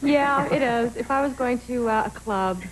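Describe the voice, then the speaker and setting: A woman's voice: fairly high pitch, normal speed, a little hiss or hum, rough recording. Bubbly woman as a talk show guest. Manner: bubbly, chatty with laughs. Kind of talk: casual TV interview.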